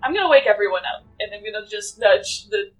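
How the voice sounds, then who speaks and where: A woman playing a tabletop game, giggly and animated in casual chat. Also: mid-range voice, quick pace, faint music behind. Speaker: player. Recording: voice a bit far from the mic.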